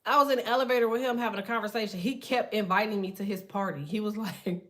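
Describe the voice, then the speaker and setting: A middle-aged woman chatting casually to viewers as a card reader, telling slangy, animated stories with lots of laughter. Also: mid-range voice, fast talker.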